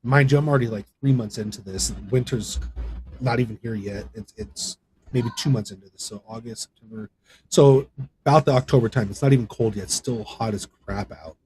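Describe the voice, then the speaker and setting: A man's voice: mid-range voice, a little fast, darkish tone, a little hiss or hum. A man guest on a podcast, telling a personal story in a rambling, conversational way, full of fillers and restarts. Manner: voice rises sharply when reenacting others. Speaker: podcast guest, gaming content creator. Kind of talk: casual storytelling.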